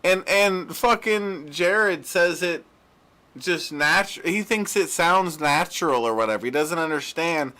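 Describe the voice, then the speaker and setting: Man, casual stream banter, bright tense voice, rambling. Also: on the high side, a little slow. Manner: rambling with many fillers and restarts. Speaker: co-host of a reaction stream.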